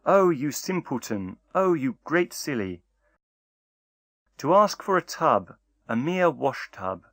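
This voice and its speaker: A man voicing a greedy old peasant wife in a storybook, scolding and shrill. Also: sing-song, takes it slowly, fairly bright tone, no room sound, studio quality, heavily acted.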